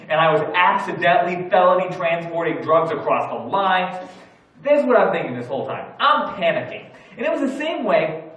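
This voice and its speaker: Man, pastor, sermon, animated storytelling, echoey hall, distant mic, slightly raised voice. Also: high-pitched, lo-fi sound. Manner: storytelling, animated, acts out his own panic. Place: church sanctuary.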